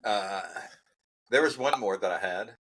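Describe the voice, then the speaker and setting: A man co-hosting a podcast in relaxed casual chat, who laughs along and explains things to his partner. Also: lowish voice, a little slow, slightly rough, poor audio. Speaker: podcast co-host.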